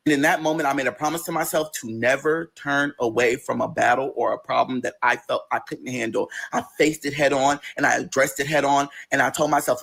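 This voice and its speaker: A young man telling a personal story in an emotional, profane, animated way. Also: mid-range voice, brisk, vocal fry, few pauses. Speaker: storytime vlogger.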